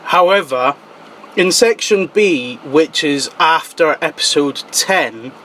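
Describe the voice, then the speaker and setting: A man's voice: a little high, takes it slowly, sharp tone, slight background noise, low-quality recording. A man hosting a talk show in casual chat, joking around, swearing freely and laughing often.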